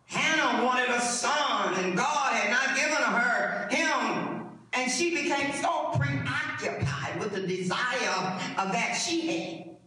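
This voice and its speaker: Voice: medium pitch, lively intonation, slow, pushed and bright, faint music behind. A preacher delivering a sermon with emphatic repetition and call-and-response, heard in a church sanctuary. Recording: echoey hall, distant mic, faint noise.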